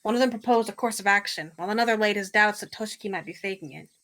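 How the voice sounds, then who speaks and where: A woman's voice: mid-range voice, racing, fairly bright tone. A woman steadily reading visual-novel narration aloud, matter-of-fact.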